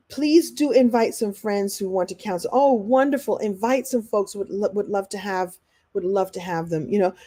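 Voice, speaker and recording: A woman coach talking to her audience in a live online masterclass. She chats and answers questions in an animated way, often laughing and acting out what people say. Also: medium pitch, a little slow. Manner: chatty, animated, acts out quoted voices. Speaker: life coach and speaker.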